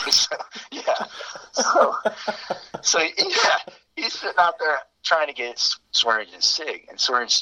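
A man's voice: medium pitch, sing-song, measured pace, bright, forceful tone. A man telling fraternity-days stories in a rambling, laid-back way, heard over a muffled remote line. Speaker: interview guest. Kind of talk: casual storytelling.

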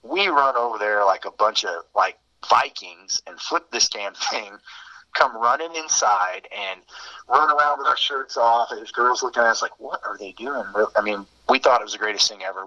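Over a muffled remote line, an interview guest tells casual, rambling stories from his fraternity days in a laid-back way. His voice is on the low side, bright, and forceful.

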